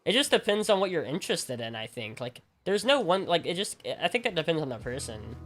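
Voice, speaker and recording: This Alabama man streams games and chats casually with viewers, rambling, saying "like" a lot, and often restarting his sentences. His voice is a little high, sing-song, and a bit bright, his pace is brisk, and faint music plays behind him.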